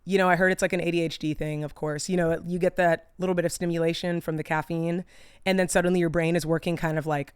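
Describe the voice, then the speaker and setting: Very smooth-voiced rambling young woman. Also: on the low side, little pitch movement, quick pace, no room sound, clean studio sound. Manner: chatty, tangent-prone, loses her train of thought; swears casually, lots of "like" and "um". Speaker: vlogger. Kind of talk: casual rambling chat to camera.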